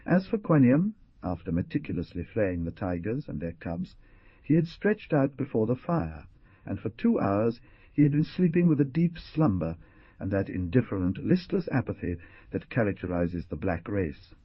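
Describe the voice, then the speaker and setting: A low, husky male voice narrates an old western adventure, his pitch swinging widely as he tells the story. The recording is close and dry, with a dull, muffled top end. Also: very animated, normal speed, no room sound. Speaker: audiobook narrator. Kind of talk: scripted narration.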